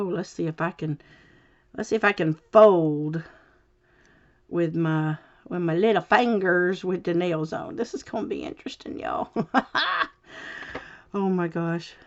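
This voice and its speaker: Slow, low-voiced woman chatting. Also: dull audio. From Southern United States. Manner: rambling, many fillers and restarts, chatty. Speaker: crafting channel host. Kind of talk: casual chat while crafting. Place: home, indoors.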